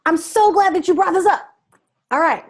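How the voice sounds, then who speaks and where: A woman voice coach explaining exercises in a deliberate, patient way. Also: very high voice. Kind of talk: instructive interview talk.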